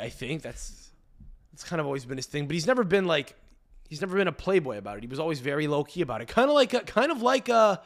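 A man's voice: fairly high pitch, a bit bright. Rambling, foul-mouthed male podcast host. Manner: rambling, profane, many restarts and fillers. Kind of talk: comedic podcast rant.

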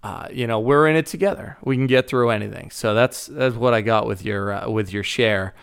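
A man's voice: medium pitch, brisk, gravelly, clean tone. A man with a Boston accent, co-hosting a podcast and sharing casually in a recovery-meeting style, rambling with many fillers and restarts. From Boston, Massachusetts. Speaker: podcast co-host.

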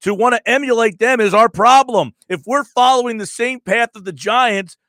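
A man's voice: very high voice, moderate pace, sharp tone, no room sound, studio quality. A man in his forties hosting a sports radio show, talking casually and at length about football rivalries and reading listener texts aloud. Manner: rambling, conversational, reads listener texts.

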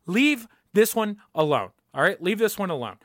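A young male podcast host rants casually and with emphasis, swearing a lot and saying the same points over again. His voice sits high with big swings in pitch, a moderate pace and a slightly bright tone, recorded dry and clean in a studio.

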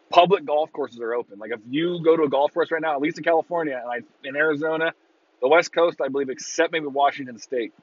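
A man ranting casually on a podcast, swearing freely and breaking into loud mocking impressions of fans. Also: a little high, muffled recording. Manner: profane, exasperated ranting with mocking shouted impressions. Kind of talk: casual rant.

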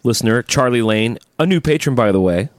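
A man co-hosts a podcast with an animated, swinging delivery. He is enthusiastic and jokes often. The sound is close and dry. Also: medium pitch, a little fast, dry recording. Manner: lively, enthusiastic, jokey. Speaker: podcast co-host. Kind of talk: casual podcast chat.

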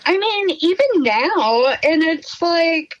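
A woman's voice: very high-pitched, expressive, slow, no room sound, muffled recording. A woman co-hosting a podcast, chatting casually and giggling as she reads old ad quotes aloud. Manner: giggly, laughs while reading. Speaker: podcast co-host.

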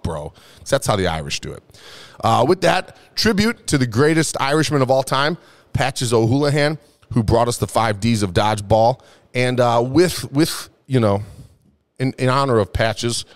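A young man hosting a casual comedic talk show, rambling and swearing a lot while tipsy from drinking. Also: medium pitch. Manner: profane, rambling, jokey. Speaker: podcast host.

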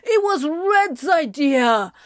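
A woman voicing an excitable, tearful male demon who whines and pleads, in a storybook reading. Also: on the high side, measured pace, no room sound, studio quality. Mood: whiny. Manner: whiny, emotional, pleading. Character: excitable weepy male demon, ginger-haired. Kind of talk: audiobook reading of fan fiction.

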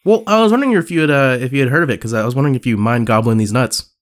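A young man co-hosting a casual podcast, telling stories and putting on squeaky voices for the people he quotes. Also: rapid-fire. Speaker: podcast co-host. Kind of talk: casual chat.

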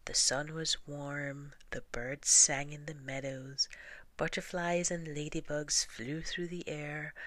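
A woman reading children's stories aloud in a soft-spoken ASMR style. She is gentle and often half-whispers. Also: sits low, no room sound. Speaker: storyteller.

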